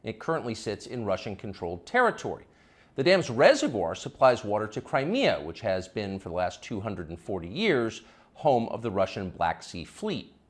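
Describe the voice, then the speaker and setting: A man's voice: on the low side, big pitch swings, moderate pace, slightly rough. A middle-aged male commentator delivering a sarcastic, emphatic opinion monologue.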